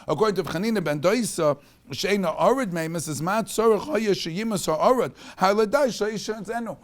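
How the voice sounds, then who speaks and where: A man teaching a Torah class in a synagogue study hall. He reads Hebrew text aloud, then explains it in English with rhetorical questions. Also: on the high side. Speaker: rabbi teaching a weekly class. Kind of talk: Torah lecture.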